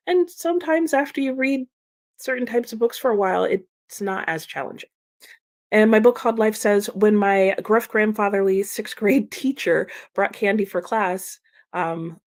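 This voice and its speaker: A woman's voice: fairly high pitch, darkish tone. A woman hosting a live reading stream, casually reading out viewer comments and answering them with frequent laughs, sounding a little sleepy this morning. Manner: chatty, giggly, reads comments aloud and answers viewers. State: sleepy, slow-brained morning.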